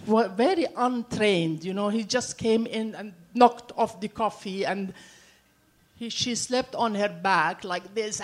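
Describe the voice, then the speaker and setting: A woman's voice: fairly high pitch, fairly bright tone. A woman from Palestine with a Palestinian Arabic accent, telling a story to a live audience and acting out the dialogue, with frequent fillers.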